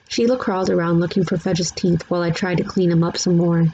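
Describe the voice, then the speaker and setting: A woman reading a children's chapter book aloud in steady, plain narration. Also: fairly low pitch, quick pace, hardly any pauses, highs cut off, a little hiss or hum. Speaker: storybook reader.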